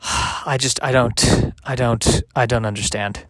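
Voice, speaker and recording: A man hosting a solo comedy podcast, rambling and self-deprecating, halting with many restarts and sardonic asides. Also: medium pitch, fairly bright tone, no echo. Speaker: podcast host.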